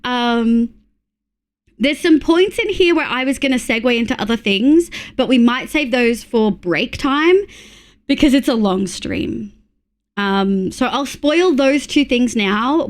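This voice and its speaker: A young Australian woman streaming live, her voice sitting high and moving at an unhurried pace. She talks casually and excitably to her chat, swearing freely and thanking viewers. The delivery is loose and chatty, with plenty of fillers.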